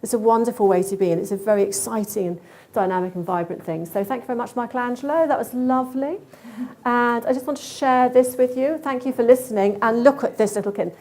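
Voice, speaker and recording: A woman giving a lively, expressive conference talk about cat behaviour. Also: fairly high pitch, quick pace. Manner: lively, expressive, acts out animal thoughts.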